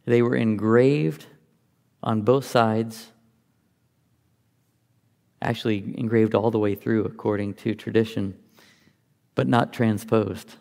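Gravelly-voiced man teaching scripture. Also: lowish voice, steady tone, takes it slowly, long pauses, a little mellow, long reverb tail. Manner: conversational, thinks aloud while explaining. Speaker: Bible teacher. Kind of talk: Bible teaching, reading and explaining scripture.

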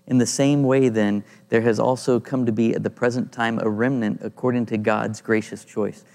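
A man leading an informal Bible study, thinking aloud and pausing to search for passages as he reads and explains scripture. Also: medium pitch, steady tone, creaky, darkish tone. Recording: long reverb in a room.

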